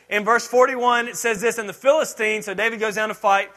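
A man's voice: high voice, steady tone, moderate pace, bright, forceful tone. A man pastor preaching a sermon, retelling the story casually with jokes and acted-out quotes.

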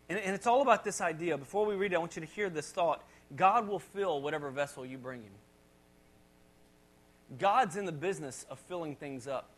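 This is a man in his thirties preaching a sermon in a relaxed, conversational way. His voice sits high for a man. He trips over and repeats words as he goes, and swells dramatically whenever he reads scripture out loud. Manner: conversational preaching, dramatic rises when reading scripture aloud; repeats words and restarts phrases. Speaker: pastor.

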